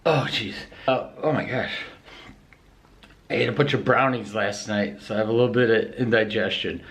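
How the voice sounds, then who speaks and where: A man vlogging casually as he walks around a city, chatty, rambling and self-mocking. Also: mid-range voice. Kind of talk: casual vlog chat. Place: outdoors in a city, walking about. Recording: noisy street recording.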